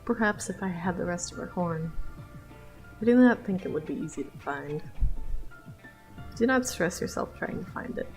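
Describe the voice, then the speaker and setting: Woman doing a calm ghost healer: low, soft, formal and soothing. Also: normal speed, pauses often, lightly acted, rough recording. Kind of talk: comic read-along voice acting. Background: faint background music.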